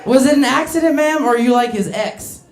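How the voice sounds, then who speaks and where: A woman's voice: sits high, fairly quick, roomy sound. A woman doing a stand-up comedy set in a club, brash and crude, working the crowd and laughing between her lines.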